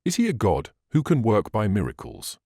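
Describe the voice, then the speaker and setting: Guy reading as a hopeless scoffing sailor, lowish voice, dry sound. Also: wildly swooping pitch, normal speed, vocal fry, dark tone, husky, no echo, heavily acted. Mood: despairing. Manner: bitter, scoffing. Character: despairing, doubting male sailor.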